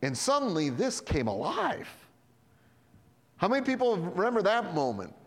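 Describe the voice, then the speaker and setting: Animated pastor preaching in a reverberant hall. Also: male voice, sits high, moderate pace. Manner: animated storytelling, acting out voices in quotes. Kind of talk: sermon. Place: church hall.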